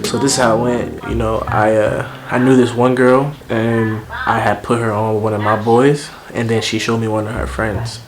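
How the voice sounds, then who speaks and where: A man's voice: lowish voice, level tone, moderate pace, hardly any pauses, a crowd in the background. A young man casually telling a personal story at home for a vlog, slangy and profane. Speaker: vlogger. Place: at home indoors. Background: music playing.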